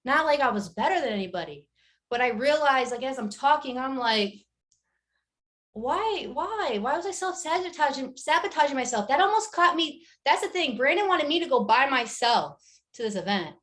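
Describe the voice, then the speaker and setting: A woman's voice: high voice, fairly quick. A young woman giving a candid, emphatic motivational talk to her business team, sharing a personal story. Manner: animated, emphatic, speaks candidly and directly. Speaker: network marketing team leader.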